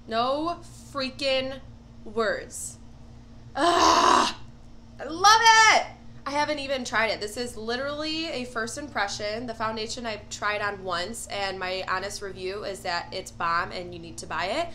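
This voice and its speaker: A woman's voice: medium pitch, steady tone, normal speed, hardly any pauses, pushed and bright, a little hiss or hum. A young woman filming a casual first-impressions makeup review, gushing and exclaiming as she tries products. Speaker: beauty vlogger.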